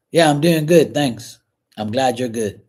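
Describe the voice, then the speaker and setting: A man hosting a casual livestream from his kitchen while washing dishes, talking frankly and rambling, often clearing his throat. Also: medium pitch, a little mellow. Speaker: livestream host reading chat. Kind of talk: casual chat.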